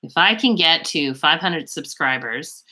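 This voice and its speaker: A woman's voice: low voice, animated, unhurried, sharp tone. A woman hosting a beauty live stream, chatting casually and answering viewers' chat messages in a rambling, friendly way. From Canada.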